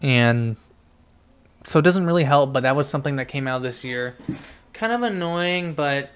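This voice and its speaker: A man's voice: mid-range voice, expressive, moderate pace, clear, resonant tone. A young man hosting a podcast, chatting casually about pop culture, rambling and getting sidetracked while he reads things out. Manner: rambling, easily sidetracked, mumbles while reading. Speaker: podcast host.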